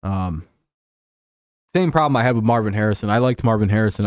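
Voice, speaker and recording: A man's voice: on the low side, fast talker, a little mellow, no echo, clean studio sound. A man chatting casually on a livestream about sports, rambling, swearing and chuckling as he answers his chat. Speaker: streamer.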